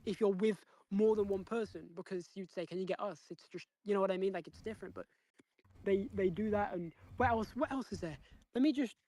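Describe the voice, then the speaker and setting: A speaker with a Northern English accent, retelling an anecdote in a loose and animated way, full of "like" and false starts. The voice sits in an average pitch range. The sound is dry and close, with no room echo. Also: fairly quick. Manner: rambling, filler-heavy, animated retelling. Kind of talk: casual storytelling chat.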